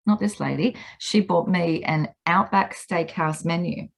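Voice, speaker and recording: Lively Australian woman telling stories. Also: on the low side, a little slow, vocal fry. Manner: animated storyteller, acts out quotes. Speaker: guest. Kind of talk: casual chat.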